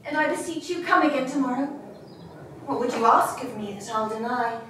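A woman's voice: sits high, fairly quick, background noise, natural voice. Brief: actress, earnest lovesick noblewoman, distant roomy sound with faint ambience. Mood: pleading. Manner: earnest, pleading verse delivery. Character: proud, lovesick young noblewoman. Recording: echoey barn, voice from far off.

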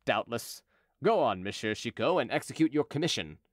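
A man voicing an officious, suspicious male provost who talks in a brisk, official way. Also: medium pitch, big pitch swings, no room sound, clean studio sound, lightly acted.

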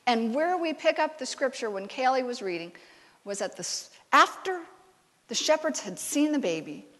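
A woman's voice: high-pitched, moderate pace. A woman giving a conversational sermon, telling stories and bantering with the congregation in a church sanctuary. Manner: lively storytelling, banters with the congregation. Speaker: preacher. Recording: long church hall reverb.

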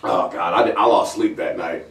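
A comedian hosting a talk show speaks in a deep voice at normal speed, casually telling stories. He's animated, acts out the voices of the people in them and laughs, picked up by a distant mic with a roomy sound.

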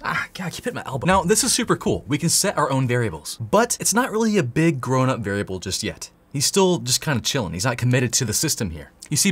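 Playful man teaching with lively pitch. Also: slight background noise. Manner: playful, jokey, talks straight to the viewer. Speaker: tech course host. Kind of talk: energetic screen-share tutorial.

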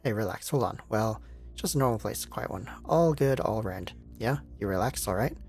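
A man's voice: fairly low pitch, animated, fairly quick, gravelly, a little mellow, soft background music. Man putting on a spaced-out rambling camp cook. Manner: drawling, evasive, keeps urging to sit and smoke.

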